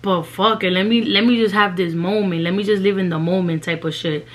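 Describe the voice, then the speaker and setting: A woman's voice: mid-range voice, steady tone, a little fast. A young woman, telling a personal story in a casual, slangy vlog and dropping in Spanish phrases.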